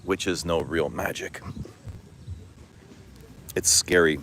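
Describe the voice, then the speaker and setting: A man's voice: deep voice, slow, a little hiss or hum, poor audio. A middle-aged man from Canada chatting casually with viewers about perfume, telling stories with frequent swearing and laughter. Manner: swears freely, laughs, animated storytelling. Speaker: fragrance vlogger. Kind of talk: casual livestream chat answering comments.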